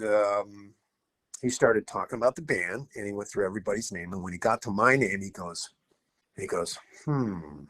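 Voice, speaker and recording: A middle-aged man with a lowish voice tells rock-world stories as a podcast guest. He talks in an easygoing way and jumps into bright, lively impressions when he quotes people. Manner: animated anecdotes with acted-out quotes. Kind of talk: casual storytelling interview.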